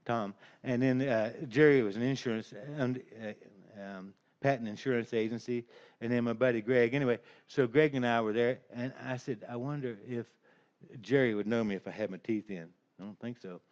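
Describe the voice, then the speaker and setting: A man's voice: mid-range voice, moderate pace, a little mellow. Older guy telling a rambling funny story, chuckles a lot, muffled old recording. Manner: folksy, rambling, chuckles as he tells it. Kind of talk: rambling personal anecdote. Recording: dull lo-fi recording.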